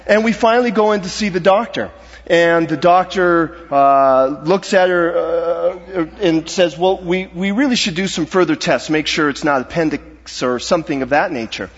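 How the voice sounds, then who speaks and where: A middle-aged man telling a personal story in a sermon, earnest and halting, his voice dropping to a hush at the grave parts. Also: on the high side. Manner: earnest, halting, dropping to a hushed voice at serious moments. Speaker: guest speaker. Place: church sanctuary. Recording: dull reverberant hall sound.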